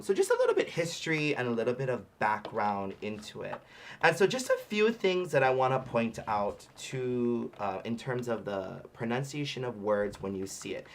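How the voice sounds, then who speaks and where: A man teaching a relaxed livestream ukulele lesson in a conversational voice. He breaks Hawaiian words into slow, careful syllables as he demonstrates them. His talk is loose and friendly, full of fillers and easy laughter. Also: medium pitch. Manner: explains patiently, sounds out Hawaiian words syllable by syllable; chatty with frequent fillers and laughter. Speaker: ukulele workshop instructor.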